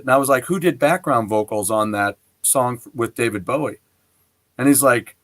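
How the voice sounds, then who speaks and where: A man's voice: medium pitch, brisk. A man hosting an interview show, telling a long anecdote in casual chat and acting out the dialogue he quotes. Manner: lively storyteller who acts out quoted dialogue.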